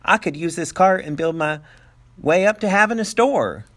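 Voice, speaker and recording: A man voicing a weary, easygoing old male peddler in a storybook reading, with a slow drawl. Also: high voice, animated, fairly bright tone, voice pushed up. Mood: musing.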